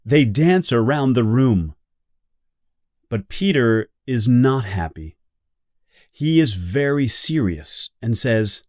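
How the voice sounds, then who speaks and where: Slow, deliberate male storybook reader. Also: medium pitch, no room sound, studio quality. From Brazil. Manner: clear, deliberate, expressive. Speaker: audiobook reader. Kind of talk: slow graded reader for beginners.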